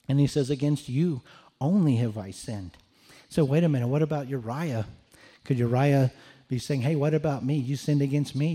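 A man's voice: mid-range voice, mellow. A man preaching a sermon in an earnest way, often repeating words as he restarts his phrases. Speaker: pastor.

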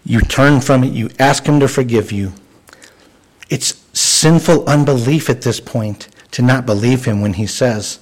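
A man's voice: mid-range voice, fairly even intonation, moderate pace, darkish tone, low-quality recording. Male pastor, mid-range voice, conversational sermon delivery with restarts. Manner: earnest, conversational preaching with frequent restarts.

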